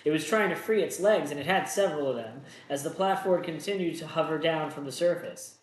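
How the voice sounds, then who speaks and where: A man's voice: on the high side, a little fast, roomy sound, slight background noise, rough recording. Casual man hosting a board game playthrough. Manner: casual, self-deprecating, thinks aloud. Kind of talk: solo board game playthrough with read-aloud story text.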